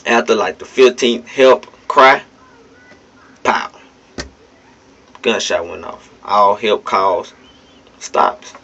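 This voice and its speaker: A vlogger with a fairly low, slightly bright voice speaks slowly and pauses often, talking straight to his audience in a casual, blunt, emphatic way with some swearing. It's captured on a phone, giving a dull lo-fi sound.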